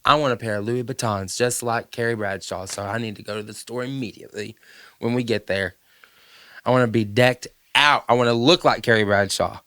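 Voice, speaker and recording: A man with a Southern US accent hosting a podcast, chatting in an animated, playful way with frequent laughter. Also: mid-range voice, fairly quick, no room sound. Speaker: podcast host. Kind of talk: casual chat.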